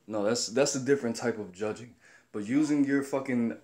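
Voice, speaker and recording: A man's voice: mid-range voice, brisk, a little mellow. A young man from the Chicago area, talking casually and bluntly to camera, profane and rambling as he tells stories. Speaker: commentator.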